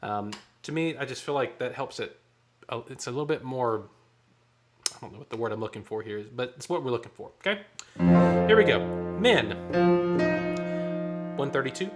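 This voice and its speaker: A man's voice: medium pitch, expressive, normal speed, pauses often, over music. A man leading a choir rehearsal, counting off beats and singing short phrases to show how they go. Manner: counts off beats and sings lines to demonstrate. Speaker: choir director.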